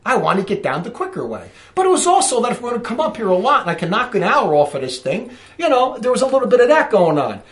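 A man from Newark with a New Jersey accent tells a hiking story. His voice sits high and swings widely as he acts out both sides of the conversations. He keeps cutting himself off and starting again, and the room adds a noticeable echo. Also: quick pace, hardly any pauses. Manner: animated, self-interrupting, acts out dialogue. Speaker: storyteller recounting a hike. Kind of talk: casual storytelling talk.

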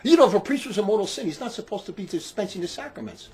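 A man in his sixties preaches in a high, lively voice that leaps up and down. He talks with fiery passion, sinking into low quiet remarks and then rising to shouts. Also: rapid-fire, very noisy. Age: 60s.

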